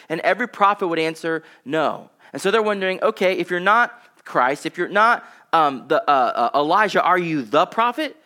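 A man, preaching a sermon in a conversational way, with fillers, dropping his voice low when he reads scripture. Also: animated, normal speed, few pauses, sharp tone. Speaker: pastor.

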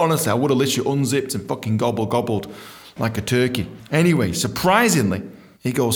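Animated man telling a story. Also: medium pitch, fast talker. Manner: animated, swearing, acts out other people's voices. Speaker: podcast host. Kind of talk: casual storytelling.

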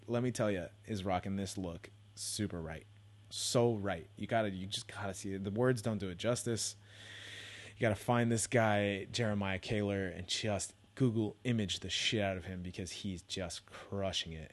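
A man's voice: fairly low pitch, moderate pace. A young man hosting a solo podcast from home, rambling and swearing in a casual, self-deprecating rant. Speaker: podcast host.

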